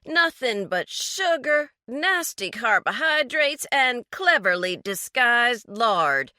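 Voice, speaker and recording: A woman voicing a pushy, condescending fitness fanatic in a deep, sugary drawl while reading a story. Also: big pitch swings, slow, bright, forceful tone, no echo, clean studio sound, exaggerated voice. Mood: scornful.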